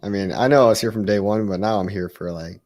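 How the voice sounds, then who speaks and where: A man co-hosting a crypto podcast, bantering in a relaxed, laid-back way with some swearing. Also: lowish voice, fast talker. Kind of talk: casual profane chat.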